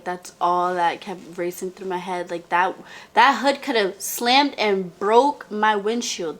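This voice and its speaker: Slow-talking young woman telling a story. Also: medium pitch, a bit bright. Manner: chatty, heavy "like" filler, talks to viewer as "girl". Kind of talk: casual storytime monologue.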